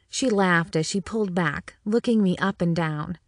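A woman's voice: on the low side, moderate pace, few pauses, no room sound. A woman narrating a first-person audiobook with wry, dry humor.

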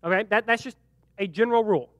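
A young man leading a youth group Bible lesson, joking and animated, briefly acting out the characters in the story. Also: high-pitched, no room sound, dull audio. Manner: animated and joking, acts out quick character voices. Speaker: youth pastor.

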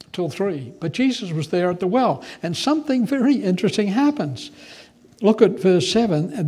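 A male pastor delivering a sermon in a fairly high voice. His preaching is animated and conversational. He moves easily between explaining scripture and telling stories.

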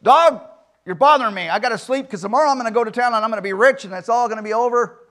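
Irritable greedy miner, snappish and high-pitched, a male preacher playing him in a sermon story. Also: racing, fairly bright tone. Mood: annoyed. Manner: snapping, impatient.

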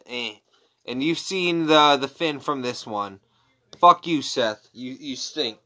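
A man's voice: mid-range voice, takes it slowly, pushed and bright. A man chatting casually at home on his couch, a wrestling figure collector who rambles and throws in crude jokey asides. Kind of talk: casual unboxing chat.

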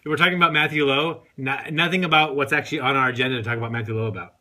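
Bright-voiced joking man in his forties. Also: medium pitch, steady tone, very fast. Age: 40s. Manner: joking, rambling, playful voices for others. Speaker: podcast co-host. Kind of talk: casual banter.

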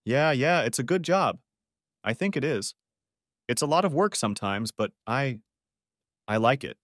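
A man's voice: medium pitch, lively intonation, a bit bright, no echo, studio quality, close to an everyday voice. A man voicing a touchy, resentful car manager. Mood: guarded. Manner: slow, careful, through clenched teeth when angry.

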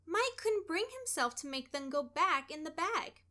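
Reading a children's tale out loud, this woman has a high voice and tells it in a careful, expressive storytelling style.

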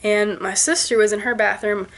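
A woman in her twenties, a vlogger, telling a ghost story to camera in an animated way, with sound effects and quoted voices. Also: medium pitch, moderate pace. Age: 20s.

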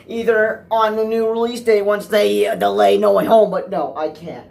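A man's voice: high-pitched, moderate pace, vocal fry, few pauses. Anxious stammering man ranting. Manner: anxious, excitable, stammering, with frequent restarts. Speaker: movie vlogger. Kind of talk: rambling vlog rant.

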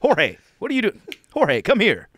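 A man's voice: high-pitched, huge pitch swings, normal speed, a bit bright, breathy edge, no room sound, clean studio sound, voice pushed up, heavily acted. A man putting on a flustered 1950s white guy. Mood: appalled. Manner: fussy, exclaiming.

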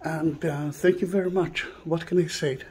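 A man with an Israeli accent, a tour guide talking casually as he walks visitors through a site, softly and with pauses. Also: fairly high pitch, steady tone, in a large hall, slight background noise. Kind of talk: casual walking tour vlog.

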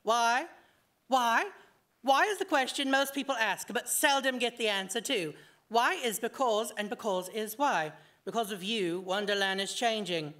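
Woman doing excitable scatterbrained male hatter, rambling, high and loud, story reading. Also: unhurried. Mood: excited. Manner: rambling, jumping between topics.

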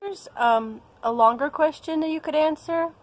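A woman's voice: high voice, moderate pace, low-quality recording. Chatty playful American woman vlogger. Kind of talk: casual vlog chat.

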